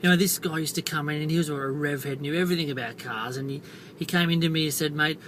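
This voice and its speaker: A man's voice: fairly high pitch, fast talker, noisy background. A middle-aged man, telling a self-deprecating story to camera in a casual vlog, full of fillers and "right?" tags. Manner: chatty, self-deprecating, many fillers and tag questions. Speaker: marketing and copywriting vlogger.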